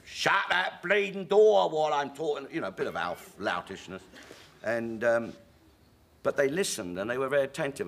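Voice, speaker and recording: A middle-aged English man, a comic actor and chat show guest, telling stage stories with animated character voices. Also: low voice, slightly rough. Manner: lively raconteur slipping into character voices. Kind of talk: anecdotal chat show storytelling.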